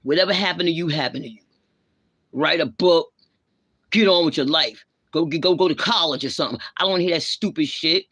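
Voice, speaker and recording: A woman's voice: low-pitched, brisk, fairly bright tone, husky, dry recording. A woman hosting a livestream, ranting and scolding in blunt, slang-heavy talk with a lecturing tone. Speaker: livestream host. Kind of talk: ranting live commentary.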